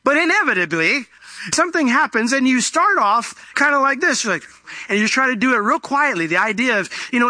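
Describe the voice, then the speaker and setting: A man's voice: high-pitched, animated, moderate pace, pushed and bright, dry recording. A man pastor preaching a conversational sermon, acting out small quoted exchanges as he teaches.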